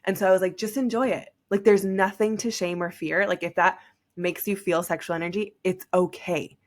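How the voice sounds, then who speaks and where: A woman's voice: on the low side, steady tone, moderate pace. A young woman hosting a podcast, telling a personal story in a casual, chatty way, full of "like.". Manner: chatty, heavy use of "like". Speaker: podcast host.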